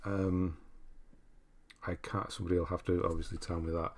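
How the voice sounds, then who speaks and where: A deep-voiced English man hosting a gaming livestream. He chats casually, reads out viewer comments, laughs easily and often restarts his sentences. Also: flat delivery, normal speed, a little mellow. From England. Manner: chatty, easygoing, laughs often, frequent restarts. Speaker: livestream host.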